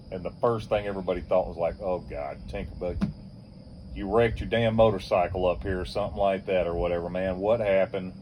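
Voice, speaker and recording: An older man with a lowish voice tells a rowdy story in a loose, casual way. He swears freely, laughs along with his own tale and throws himself into other people's voices. Faint crickets chirp behind him outdoors. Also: dull audio, slight background noise. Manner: swears freely, chuckles while telling. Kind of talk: casual anecdote.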